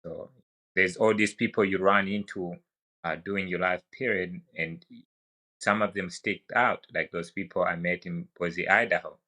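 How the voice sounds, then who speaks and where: African-accented man, deep bright voice. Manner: relaxed storytelling, halting with fillers. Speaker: guest, wildland firefighter. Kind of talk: casual podcast conversation.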